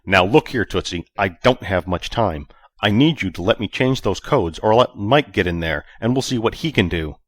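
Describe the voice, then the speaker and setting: A man voicing a brash, exasperated male starship captain who talks loudly and pushily. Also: sits low, expressive, normal speed, no room sound. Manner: loud, pushy and exasperated.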